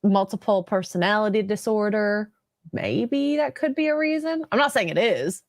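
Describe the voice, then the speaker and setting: A woman's voice: medium pitch, moderate pace, no echo, studio quality. A woman from Canada co-hosting a live stream, chatty and giggly, often trailing off mid-sentence. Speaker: podcast co-host. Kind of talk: casual live-stream chat.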